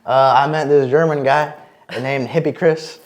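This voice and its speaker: A man's voice: on the high side, measured pace. Chatty man telling a travel story. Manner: lively storyteller with many fillers. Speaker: podcast guest. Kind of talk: casual interview chat.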